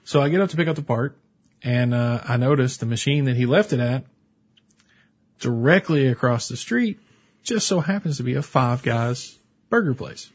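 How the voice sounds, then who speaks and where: Husky man telling a story. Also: medium pitch, normal speed, muffled recording. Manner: animated anecdotal storytelling. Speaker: podcast co-host. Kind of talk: casual chat.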